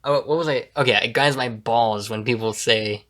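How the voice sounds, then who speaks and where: A man's voice: medium pitch, normal speed, a bit bright. A man co-hosting a casual podcast, swearing freely and laughing often. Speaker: podcast co-host. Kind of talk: casual chat.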